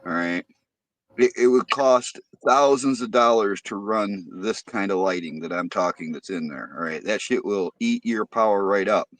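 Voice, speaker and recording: A man's voice: on the low side, normal speed, fairly bright tone, dry recording. A man on a podcast telling a story in casual, profanity-heavy talk, getting heated as he goes.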